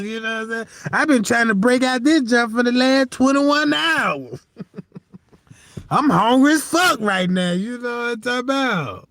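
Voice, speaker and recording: Very high and expressive, this man's voice runs a little slow with a bit of brightness in a dry recording. Hosting a livestream, he rambles through a funny story, laughing often and repeatedly asking "you know what I'm talking about".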